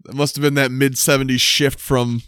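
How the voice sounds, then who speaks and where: A podcast co-host casually recaps a TV episode with a friend, swearing freely and acting out lines from the show in quoted voices. His mid-range voice is smooth and fairly quick, captured in clean studio sound with no echo.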